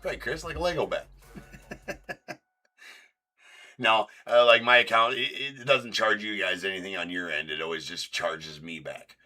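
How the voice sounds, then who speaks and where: Male stream host, deep but bright tone, rambling casual storyteller. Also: unhurried, pauses often, faint music behind. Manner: rambling, reenacts arguments in raised voice. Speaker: card break host. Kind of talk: casual livestream chat.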